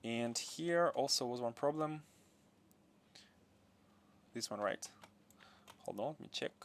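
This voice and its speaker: A man's voice: medium pitch, expressive, takes it slowly, a little hiss or hum. Russian-accented man muttering through a game build. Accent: Russian with some French. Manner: muttering to himself, reads chat aloud. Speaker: game streamer. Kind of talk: casual livestream commentary while building.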